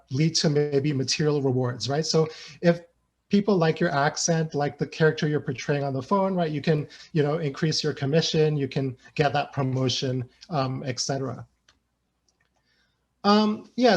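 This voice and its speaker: A man giving an academic lecture, casual and searching, with many fillers and tag questions. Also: fairly high pitch. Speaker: guest lecturer. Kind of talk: academic talk.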